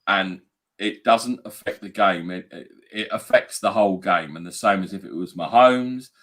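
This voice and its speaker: A man's voice: low-pitched, normal speed, fairly bright tone. A man co-hosting a casual football chat, blunt and joking with some swearing. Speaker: podcast co-host.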